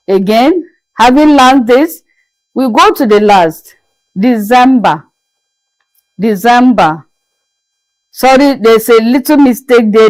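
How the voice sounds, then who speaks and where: Patient female language teacher, slow deliberate delivery, dry recording. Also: fairly high pitch, dry recording, poor audio. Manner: patient, repeats each word slowly. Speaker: French teacher. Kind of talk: slow spoken language lesson.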